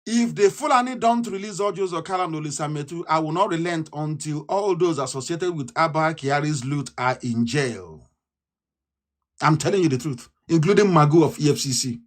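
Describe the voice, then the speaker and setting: A man with a Nigerian English accent giving a fiery, scornful political radio address. He swings from shouting to low muttering. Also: moderate pace. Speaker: radio broadcaster.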